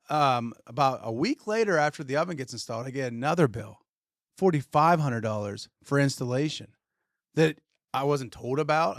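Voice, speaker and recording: A man's voice: mid-range voice, dry recording, clean studio sound. A man co-hosting a podcast, telling a story in casual chat and acting out what people said to him. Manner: animated storyteller acting out quotes. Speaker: podcast co-host, retailer.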